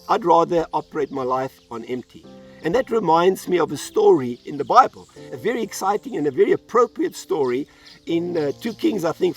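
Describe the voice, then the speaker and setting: A man's voice: fairly high pitch, distant mic. A man pastor delivering an earnest sermon, telling a Bible story and acting out its voices. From South Africa.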